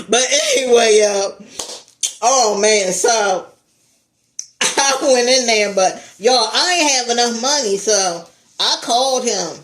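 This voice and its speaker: A woman YouTuber telling a casual story time, animated, laughing and swearing as she talks straight to her viewers. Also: on the high side, slow pace.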